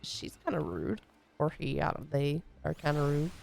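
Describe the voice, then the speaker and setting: A woman's voice: deep voice, normal speed, creaky, a little mellow, faint music behind. A young woman streaming a game, chatting casually, giggling and swearing. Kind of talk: casual live commentary.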